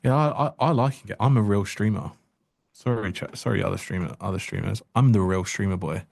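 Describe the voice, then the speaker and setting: A man's voice: lowish voice, fairly quick, creaky, darkish tone, dry recording. A man giving casual live-stream trading commentary, joking wryly and answering chat aloud into a close mic.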